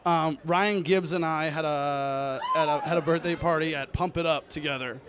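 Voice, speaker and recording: A man's voice: fairly high pitch, steady tone, normal speed. A young man joking and teasing on a live dating show, laughing often. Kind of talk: joking live date banter. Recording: live audience crowd noise. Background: live audience crowd.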